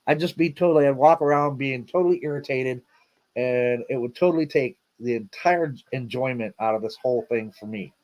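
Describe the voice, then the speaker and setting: A man's voice: mid-range voice, a little fast, a little mellow, lo-fi sound. A middle-aged man hosting a casual livestream, rambling and repeating himself with lots of fillers and a laid-back "man" here and there. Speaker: livestream host.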